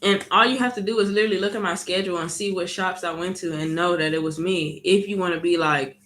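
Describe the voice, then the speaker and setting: A woman vlogger telling a story in a casual, animated way and acting out what people said. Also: lowish voice, fast talker. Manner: animated storytelling, frequent "you know what I mean"; acts out quoted dialogue.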